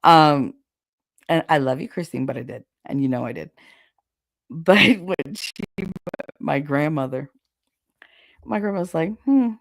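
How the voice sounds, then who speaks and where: A woman's voice: low voice, measured pace, gravelly, long pauses, no echo, clean studio sound. A woman hosting a podcast, telling gossipy, frank family stories in a casual chat and laughing often. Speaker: podcast host.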